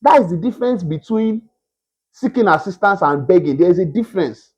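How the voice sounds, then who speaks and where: A man preaching a sermon, emphatic and repetitive, with a husky voice. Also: high-pitched, lively intonation, fairly quick, a little mellow, dull audio. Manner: emphatic, repetitive, mimics beggars in a whiny voice.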